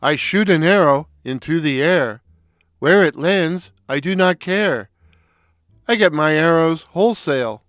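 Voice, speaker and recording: A man voicing a loud, goofy, stocky Brooklyn comic figure, childlike and bewildered, who bursts into squeaky falsetto and stammers. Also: lively intonation, measured pace, no echo, clean studio sound. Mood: silly. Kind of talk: audio story reading.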